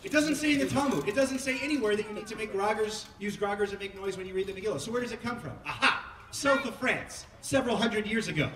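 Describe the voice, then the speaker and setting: Rabbi, male, high-pitched, jokey and teasing with his congregation, recorded from far off in a reverberant hall with faint noise. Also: animated, fast, fairly bright tone. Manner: joking, teasing, audience-prodding. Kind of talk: playful Megillah reading with asides to the congregation. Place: synagogue sanctuary. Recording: echoey hall heard from far off.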